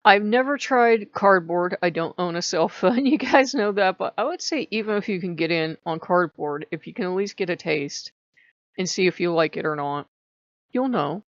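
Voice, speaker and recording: A woman's voice: fairly low pitch, animated, moderate pace, no room sound, muffled recording. A woman hosting her channel, chatting casually and animatedly, laughing often. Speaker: channel host. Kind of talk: casual vlog chat.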